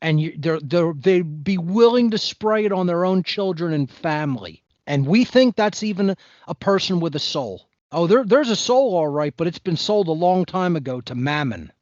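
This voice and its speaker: A man's voice: high voice, animated, moderate pace, hardly any pauses, darkish tone, no room sound, highs cut off. A man speaking as a podcast guest in an impassioned monologue, blunt, preachy and emphatic.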